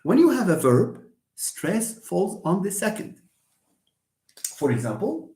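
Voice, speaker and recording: A man teaches a live online lesson, stressing and repeating words for emphasis. His voice sits a little high and swings widely in pitch. The sound carries the echo of a room. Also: sing-song, slow pace, long pauses, darkish tone. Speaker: English teacher.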